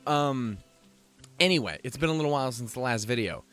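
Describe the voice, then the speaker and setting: A man hosting a casual let's play, talking at a middle pitch. He rambles and jokes at his own expense, swearing freely as he reads along. Faint music plays quietly behind him. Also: animated, a little fast. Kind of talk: casual game commentary and reading.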